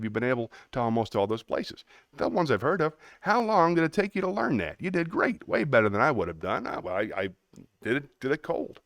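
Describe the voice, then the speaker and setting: A man's voice: medium pitch, fairly bright tone, dry recording, studio quality. A man hosting a live stream, chatting upbeat with viewers and laughing between performances. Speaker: livestream host.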